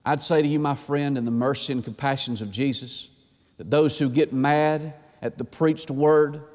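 A male pastor preaching a sermon, swinging from high, urgent pleas to hushed low tones and stammering when fired up. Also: steady tone, normal speed. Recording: long reverb of a church hall.

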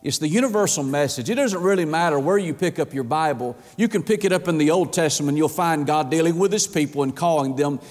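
A pastor delivers an emphatic sermon, piling up rhetorical questions. His voice sits high for a man. The sound rings with the long reverb of a church sanctuary. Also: quick pace, few pauses, darkish tone.

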